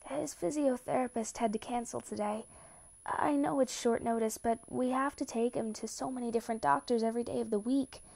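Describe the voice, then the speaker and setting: A woman reads the part of a worried mother guarding her son. The voice is fairly high and mellow, tense with distress. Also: steady tone, brisk, creaky. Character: anxious protective mother, middle-aged woman.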